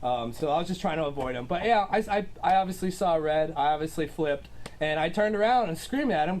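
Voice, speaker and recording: Fairly fast and expressive, this young man's voice is on the high side with a touch of mellowness. Recounting his version of a conflict as a casual story, he rambles and hesitates, peppering his speech with "um" and "like."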